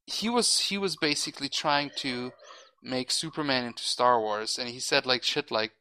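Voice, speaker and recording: A man with a bright, clear voice hosting a casual podcast. He rambles through opinions, restarts his sentences, and swears offhandedly. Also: mid-range voice, normal speed, rough recording. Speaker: podcast host. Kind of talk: casual chat.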